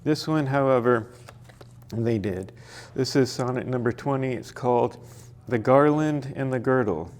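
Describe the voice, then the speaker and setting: A man leads a poetry workshop in a library room, speaking at an unhurried, slow pace. He hesitates and restarts often, with plenty of fillers, and reads verse aloud carefully, leaning on each stressed syllable. His voice sits at an ordinary, middle pitch. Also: a little mellow. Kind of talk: classroom teaching and reading poems aloud.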